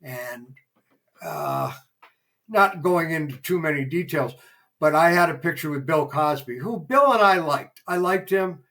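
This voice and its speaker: A man's voice: fairly high pitch, very animated, a little slow, fairly bright tone, low-quality recording. A man, a former theater promoter, telling rambling behind-the-scenes anecdotes as a podcast guest, full of fillers. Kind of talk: casual interview storytelling.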